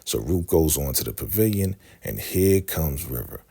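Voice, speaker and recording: A young man recapping a TV episode in casual narration, retelling the scenes through quick snatches of quoted dialogue. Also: expressive, dark tone. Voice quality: very deep, gravelly voice. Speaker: show host recapping a TV episode.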